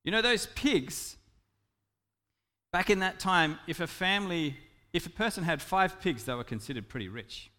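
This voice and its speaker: A man preaching a sermon as a pastor, swinging from loud emphatic lines to soft, intimate ones. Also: high voice, lively intonation, normal speed, long reverb tail.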